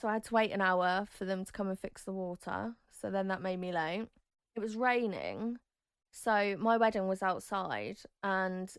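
A woman in her thirties, a guest telling her story in an interview, chatty and animated, acting out quotes with sudden high squeals. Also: clean tone, dry recording, studio quality.

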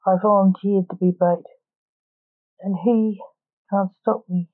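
A woman voicing a deadpan, insane young male sorcerer in a read-aloud story. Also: medium pitch, takes it slowly, narrow, tinny audio.

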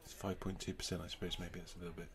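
A British man hosts a podcast from his home, his voice sitting a little low. He talks in a relaxed, chatty way, trailing into fillers and restarts. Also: very fast. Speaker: podcast host. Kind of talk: casual chat and scripted episode intro. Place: home, remote call.

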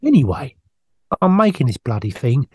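A man, co-hosting a comedy podcast and telling rambling, crude tall tales deadpan. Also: mid-range voice, normal speed, slightly rough, no echo, studio quality. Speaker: podcast co-host. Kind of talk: comic storytelling.

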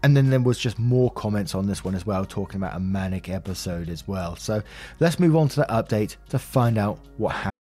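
A man's voice: lowish voice, lively intonation, a little fast, dark tone. A man reading online posts aloud and chatting casually about them as host, with conversational asides. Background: faint music.

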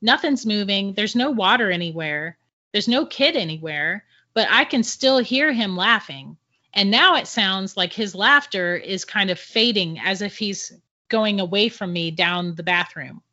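A middle-aged woman, a podcast guest, telling a personal ghost story in an animated way and laughing often between sentences. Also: mid-range voice, a little slow. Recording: dull lo-fi audio.

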